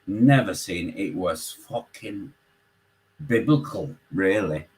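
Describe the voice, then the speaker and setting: A man with a Yorkshire accent, calling in and telling a story in casual chat, swearing constantly and animated. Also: deep voice, takes it slowly, rough recording. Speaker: caller.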